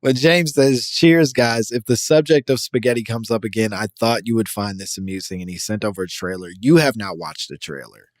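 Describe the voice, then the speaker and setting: A man's voice: on the low side, fairly quick, hardly any pauses, dry recording. A man co-hosting a podcast, reading a listener email and joking profanely, laughing often. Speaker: podcast co-host. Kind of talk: casual podcast banter.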